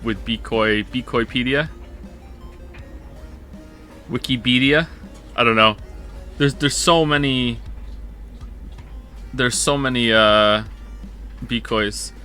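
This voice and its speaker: Bright-voiced man, rambling stream chat. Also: mid-range voice, measured pace, long pauses, faint music behind. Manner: rambling, self-correcting, jokey.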